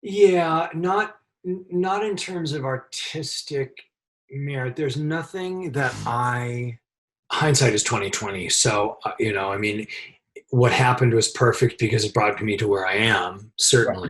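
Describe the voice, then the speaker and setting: A middle-aged man, a set dresser, telling a lively anecdote in an interview and laughing often as he talks. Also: mid-range voice, measured pace.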